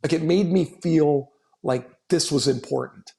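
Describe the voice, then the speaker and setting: Gravelly-voiced man telling hockey stories. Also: on the high side, unhurried, mellow. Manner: rambling anecdotes with restarts, laughing. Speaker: podcast co-host, former NHL player. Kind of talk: casual storytelling.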